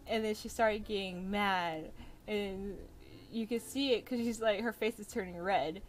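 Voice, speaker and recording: Slow-talking young woman telling stories. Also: medium pitch, steady tone, poor audio. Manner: chatty, laughs often while recounting. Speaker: streamer. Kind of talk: casual storytelling while drawing. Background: soft jazz music.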